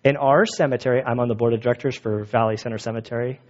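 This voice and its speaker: A man's voice: mid-range voice, steady tone, fast, darkish tone. A male pastor preaching a sermon in a casual, joking, conversational way. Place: church. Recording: dull lo-fi sound.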